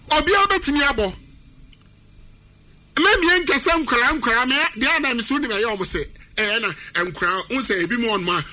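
A man with a Ghanaian accent giving animated sports talk, emphatic and repetitive, drifting into a sing-song delivery. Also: extremely high pitch. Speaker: sports pundit. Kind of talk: animated sports talk mixing Twi and English.

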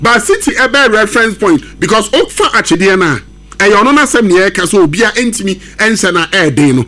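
A man's voice: high voice, expressive, normal speed, pushed and bright. A man giving emphatic football analysis on a sports radio show, switching between English and Twi. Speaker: football pundit.

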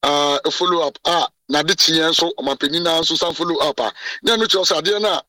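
A man's voice: on the high side, a little fast, sharp tone, no room sound, distant mic, poor audio. A man with a Ghanaian accent, president of a journalists' association, speaking emphatically in a radio interview with many restarts. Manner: code-switching, emphatic, frequent restarts.

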